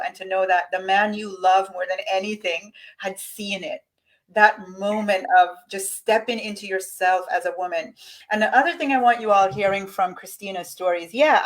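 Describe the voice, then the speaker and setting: Motivational woman coaching live viewers. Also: medium pitch. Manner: enthusiastic, motivational, speaks straight to viewers. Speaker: host, money mindset coach. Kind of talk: live online coaching session.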